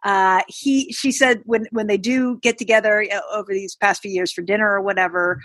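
A woman co-hosting a casual chat, talking in a meandering way with frequent pauses. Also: medium pitch, fairly even intonation, a bit bright, no echo. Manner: meandering, many fillers and restarts. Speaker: podcast co-host.

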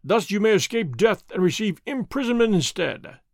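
A man voicing a gruff army sergeant who barks loud commands. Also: sits high, lively intonation, normal speed, dry recording, clean studio sound, pitched above the performer's own voice. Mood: blustering.

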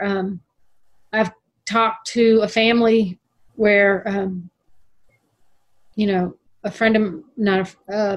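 A middle-aged woman talks in relaxed conversation, earnest and emphatic. She stretches out key words for emphasis, and her voice sits in an ordinary middle range for a woman. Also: mid-range voice. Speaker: guest. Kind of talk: casual conversation.

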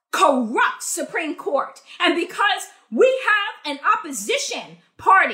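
A woman's voice: sits high, sharp tone. A young adult woman from the United States delivering an angry, profane, sarcastic political rant with heavy emphasis. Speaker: political commentator.

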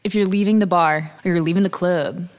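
Amused woman co-host, low voice. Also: fairly even intonation, brisk, a little mellow. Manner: amused, questioning, short replies. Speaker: podcast co-host. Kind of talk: casual chat.

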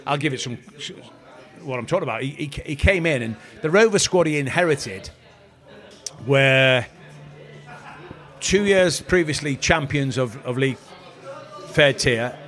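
A man's voice: mid-range voice, expressive, unhurried, long pauses, fairly bright tone. Guy, middle-aged ex footballer, rambling stories, acts out what people said. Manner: rambling anecdotal, quotes others in voices. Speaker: former footballer. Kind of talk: storytelling chat.

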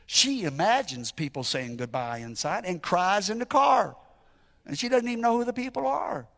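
A man telling a story in a sermon as a preacher, building to loud, emphatic pleading. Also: high-pitched, vocal fry.

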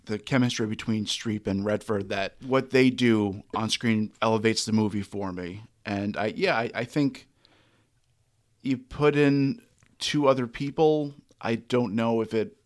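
A man's voice: on the low side, a little slow. A man co-hosting a film podcast, speaking hesitantly and repeating words. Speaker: podcast co-host. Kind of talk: casual film chat.

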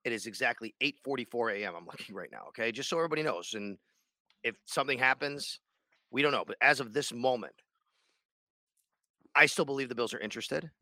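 Male sports radio host, bright dry voice, rambling casual podcast chat. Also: mid-range voice, brisk, pauses often, no echo. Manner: rambling, many restarts and fillers.

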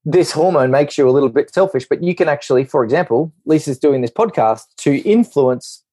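A man with a dark, mellow voice explains things to a podcast host, and he is clearly a doctor. He talks with energy and drops into quick put-on voices for his examples. The recording is close and dry. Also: a little high, no room sound. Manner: animated, acts out little voices in his examples.

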